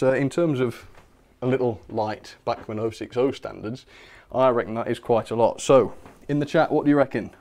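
A man's voice: mid-range voice, dark tone. A young man hosting a livestream in a casual, chatty way, laughing often and talking to his viewers. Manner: chatty, giggly, self-mocking, reads chat aloud. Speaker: host of a model railway livestream.

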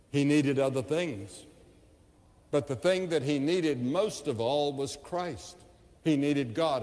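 A man evangelist preaching a sermon, telling the story with impassioned rises and hushed drops, recorded in a large evening crusade venue with long reverb. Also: on the high side.

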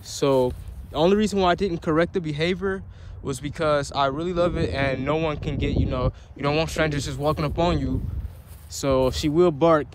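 Out on a dog walk, a man with a slightly high voice chats casually for his vlog at normal speed, with a little hiss or hum audible. He rambles with plenty of fillers and stops to give his dog commands.

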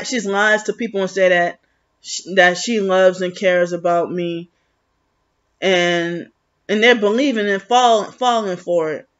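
A woman vlogging in a rambling, agitated, accusatory monologue, full of restarts. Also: on the low side. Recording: muffled lo-fi recording.

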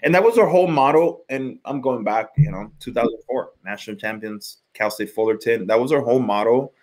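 A former college pitcher in his thirties talks baseball on a podcast in a casual, rambling way, frequently repeating words while he thinks. His delivery is brisk and his tone somewhat dark.

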